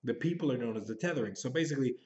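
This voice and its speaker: A man's voice: mid-range voice, expressive, racing, a little mellow, lo-fi sound. A man in his thirties giving a casual, rambling movie review, hurrying and thinking aloud as he goes. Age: 30s.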